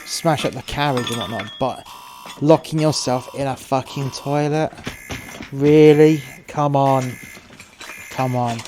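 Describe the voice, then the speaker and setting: A foul-mouthed cartel courier, acted by a man, narrates his story in a sardonic, profane way at a mid pitch. The audio drama recording is noisy. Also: natural voice.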